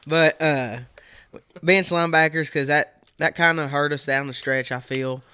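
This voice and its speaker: A man co-hosting a sports podcast, gruff and trailing off into mutters. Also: fairly high pitch, fairly even intonation, unhurried, sharp tone. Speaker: podcast co-host. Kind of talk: casual sports chat.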